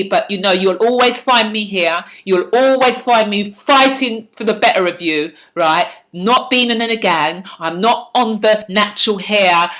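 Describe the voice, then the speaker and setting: A woman's voice: mid-range voice, a bit bright. A woman speaking in a fiery, preachy monologue to camera, repeating words and restarting sentences as she presses her point. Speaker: vlogger giving life advice.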